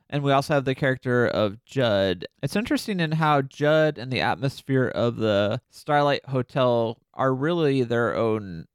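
A man's voice: medium pitch, clean tone, no room sound, clean studio sound. A man co-hosting a podcast, chatting casually about a horror film and rambling through trivia with many restarts. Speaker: podcast co-host. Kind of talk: casual movie discussion.

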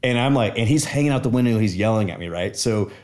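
A man's voice: on the low side, lively intonation, quick pace, a little mellow. A man in casual conversation, sharing personal stories in an earnest, reflective way.

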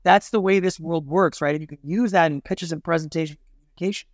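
A middle-aged man, a film producer and business consultant, chatting in an interview in a lively way and acting out quoted voices. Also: on the high side, fast talker, dry recording, clean studio sound. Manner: animated, acts out quoted voices, many "like" fillers. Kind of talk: casual interview conversation.

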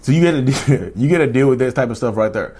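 A man hosting his own podcast in a casual, animated solo monologue, often repeating and restarting himself as he goes. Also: medium pitch, fast, slightly rough. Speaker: podcast host.

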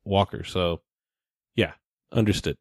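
Laid-back low-voiced man, dry sound. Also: a little slow, no room sound. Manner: laid-back, laughs a lot, swears casually. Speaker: podcast co-host. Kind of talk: casual podcast chat.

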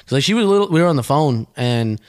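A young man co-hosting a podcast, telling a personal story in a rambling, animated way. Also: medium pitch, fast talker. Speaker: podcast co-host. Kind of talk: casual storytelling.

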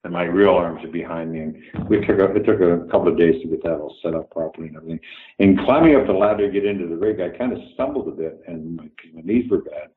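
A man's voice: deep voice, quick pace, echoey room, phone-quality sound. Older Canadian man telling candid stories. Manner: candid, profane, acts out dialogue. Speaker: guest actor. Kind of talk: casual interview storytelling.

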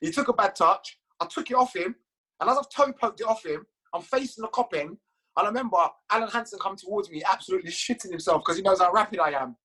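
High, bright-voiced man telling stories. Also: quick pace, slightly rough, low-quality recording. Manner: animated, swears freely, laughs at his own stories. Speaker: guest. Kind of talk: casual storytelling.

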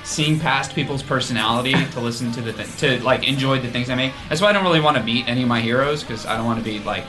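A man in a casual podcast chat, talking in halting, rambling sentences. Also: medium pitch, music in the background.

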